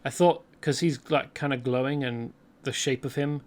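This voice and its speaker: A man's voice: mid-range voice, fairly even intonation, moderate pace. A man hosting a let's play, rambling chattily through gameplay commentary and correcting himself as he goes.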